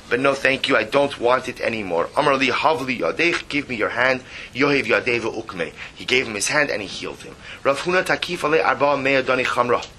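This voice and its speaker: A man teaching a text study class, reading passages aloud and explaining them in a lively way, often repeating phrases and adding emphatic asides. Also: mid-range voice, a little hiss or hum.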